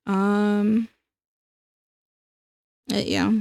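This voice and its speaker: Young female streamer, casual drawing chat, slow filler-heavy delivery, dry mic. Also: mid-range voice, level tone, creaky, darkish tone, no echo. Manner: rambling, filler-heavy, breaks into laughter. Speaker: streamer and illustrator.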